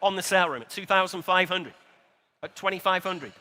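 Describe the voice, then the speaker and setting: A man working as an auctioneer, briskly calling bids at a live sale in a large exhibition hall, with dry asides to the room. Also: high-pitched, pushed and bright.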